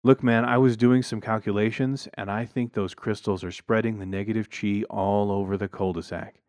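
A man voicing a laid-back male neighbor keen on feng shui, earnest and mellow, who keeps saying "man". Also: fairly low pitch, steady tone, normal speed, clear, resonant tone, dry recording, close to an everyday voice.

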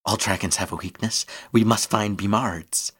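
Man doing a smug teasing gunslinger lady, low voice. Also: steady tone, moderate pace, a bit bright, breathy edge. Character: bold gold-loving gunslinging woman.

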